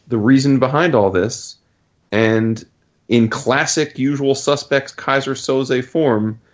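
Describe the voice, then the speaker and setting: A man's voice: medium pitch, highs cut off. A man in casual chat, animatedly recapping a story and swearing freely. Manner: animated, acts out characters' lines in jumping voices, profane.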